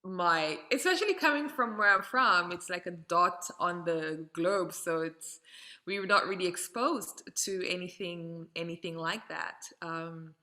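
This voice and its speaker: A woman from Saint Martin, a guest in an interview, telling her story in a lively, chatty way, acting out the people she quotes and laughing often. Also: lowish voice, a little slow. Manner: animated storyteller who acts out quoted voices and laughs often. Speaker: interview guest, model and doll entrepreneur.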